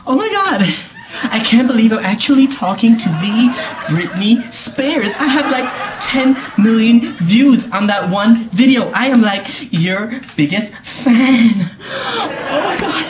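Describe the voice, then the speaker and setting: A man's voice: extremely high pitch, lively intonation, measured pace, pitched above the performer's own voice. A man doing a comic impression of a breathless, dramatic young male superfan who gasps and laughs through a phone call. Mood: gushing, distraught. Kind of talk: comedic prank-call impression. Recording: echoey room with clear noise.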